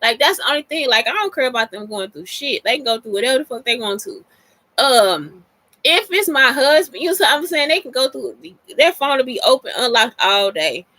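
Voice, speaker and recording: A woman's voice: sits high, sing-song, fairly quick, pushed and bright, no echo. A woman hosting a casual talk show, speaking bluntly and with lots of profanity as she answers listener questions. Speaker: podcast host.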